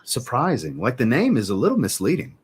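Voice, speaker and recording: A man's voice: mid-range voice, huge pitch swings, fairly quick, slightly rough. A man hosting a casual livestream, reviewing fragrances and reading out chat comments in an easygoing way.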